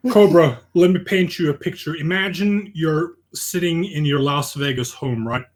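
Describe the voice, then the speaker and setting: A man's voice: a little high, normal speed. A man on a casual gaming podcast, telling vivid, profane stories.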